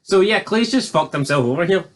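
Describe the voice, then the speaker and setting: A man's voice: high-pitched, expressive, a little fast, fairly bright tone. A Scottish man reviewing a TV episode in casual chat, opinionated and arguing his point firmly. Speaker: TV show reviewer.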